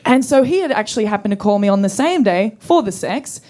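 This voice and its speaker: A young woman performing a stand-up comedy set, telling stories in a deadpan, sarcastic way and acting out the quotes. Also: mid-range voice, brisk.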